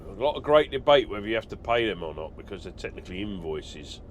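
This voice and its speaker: A middle-aged man talks through his trucking day in a loose, rambling way, full of ums and uhs. His voice sits a little low. Faint outdoor traffic noise hangs behind him. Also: very animated, fast. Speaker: truck driver vlogger. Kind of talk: casual vlog chat.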